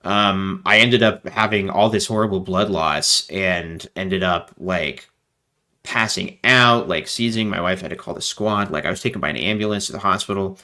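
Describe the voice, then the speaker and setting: A man with a low voice speaks at a normal pace as a guest in a casual video-call interview. He's animated and rambling, full of fillers.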